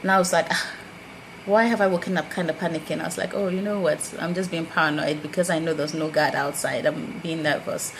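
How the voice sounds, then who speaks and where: A Ghanaian woman vlogging casually, telling a personal story and acting out quoted exchanges with lively jumps in her voice. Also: brisk, gravelly, noisy background. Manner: animated, acts out quoted dialogue with big pitch jumps.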